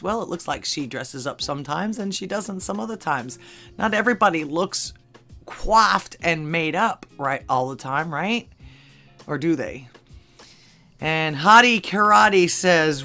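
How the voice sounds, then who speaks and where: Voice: mid-range voice, lively intonation, a little slow, sharp tone, faint music behind. A channel host at home in Texas, reading funny social media posts aloud and adding dry asides between them, with chuckles at the jokes.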